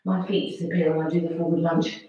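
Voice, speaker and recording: A woman's voice: fairly low pitch, level tone, mellow. Distant woman fitness coach, very echoey. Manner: brisk short commands, encouraging. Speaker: fitness instructor. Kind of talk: live workout coaching with counts and cues. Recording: very echoey, distant, dull-sounding room recording.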